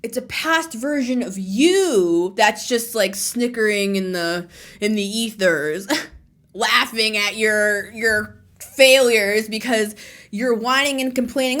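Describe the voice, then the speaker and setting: A woman's voice: a little high, slow, fairly bright tone. A woman tarot reader musing aloud in a casual spiritual monologue, laughing often and dropping at times to a near-whisper.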